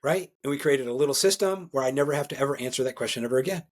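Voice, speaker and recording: A man talking as a guest coach in a podcast interview, energetic and emphatic, often tagging his points with "right?" and restarting words as he gets going. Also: mid-range voice, rapid-fire. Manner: repeats and restarts words when excited.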